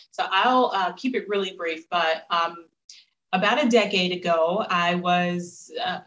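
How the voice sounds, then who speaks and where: A woman guest telling a personal story in an interview, earnest and reflective, lively when she quotes herself. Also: fairly low pitch, reverberant, lo-fi sound.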